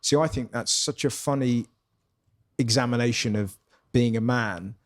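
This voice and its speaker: A man's voice: medium pitch, normal speed. A man, a guest comedian talking in a reflective, musing way that often trails off and restarts. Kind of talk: casual conversation.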